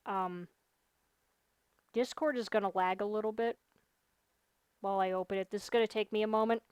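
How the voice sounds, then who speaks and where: A woman's voice: medium pitch, fairly even intonation, normal speed, a little mellow, smooth, dry recording. A young adult woman, a gaming livestreamer, talking casually while she plays, venting and repeating her points with emphasis. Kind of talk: casual chat while streaming a game.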